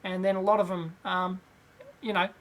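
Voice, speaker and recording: A man's voice: high-pitched, little pitch movement, moderate pace. A middle-aged Australian man hosting a casual live question-and-answer show, rambling with many fillers and frequent chuckles. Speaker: host.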